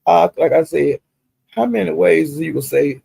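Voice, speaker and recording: Gravelly gossiping man chatting to his stream. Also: a little high, animated, moderate pace, dark tone, no echo, rough recording. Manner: gossipy, drawling, addresses chat directly. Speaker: commentator recapping livestream drama. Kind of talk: casual chat to a livestream audience.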